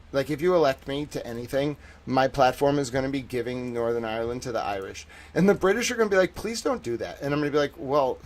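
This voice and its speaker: A man hosting a livestream, talking casually in a rambling, digressive way, swinging between loud outbursts and quiet muttered asides, often profane and sarcastic. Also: mid-range voice. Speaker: livestream host.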